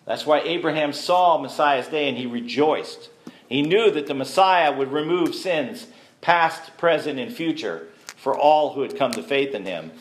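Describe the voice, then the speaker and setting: A man's voice: fairly high pitch, expressive, unhurried, slight background noise. A man teaching a sermon to a congregation, conversational and asking the listeners questions. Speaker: messianic teacher. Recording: echoey room.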